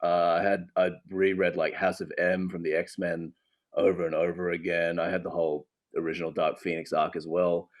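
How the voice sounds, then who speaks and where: A man in his thirties from Australia, an actor chatting casually in an interview from home, animated, laughing often and restarting sentences. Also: low voice, normal speed. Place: home with a loft.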